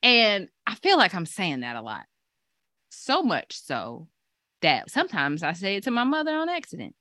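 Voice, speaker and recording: A woman guest talking on a podcast over a video call, animated and swearing freely. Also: fairly low pitch, normal speed, dry recording, studio quality. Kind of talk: casual chat.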